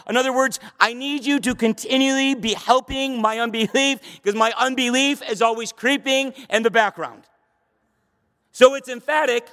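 High-voiced man preaching in a reverberant hall. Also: moderate pace, fairly bright tone. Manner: emphatic preaching, rising to high urgent bursts. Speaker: pastor. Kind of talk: sermon. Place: church sanctuary. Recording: long reverb of a church hall.

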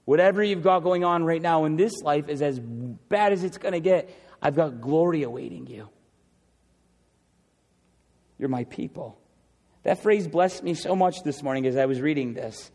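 A man preaching a sermon, earnest and pleading, dropping from loud, fast lines to hushed ones. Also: on the high side, in a large hall.

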